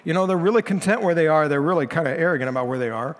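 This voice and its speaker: A man's voice: fairly high pitch, lively intonation, very fast. A man preaching as lead pastor, working through scripture in a plain, conversational way in a church sanctuary. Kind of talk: expository sermon. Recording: long hall reverb.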